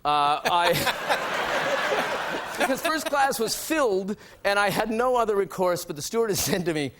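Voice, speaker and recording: Animated Canadian man telling stories. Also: high voice, moderate pace, slight background noise. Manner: animated, acts out voices in stories. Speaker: talk show guest. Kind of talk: storytelling anecdote. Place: television studio.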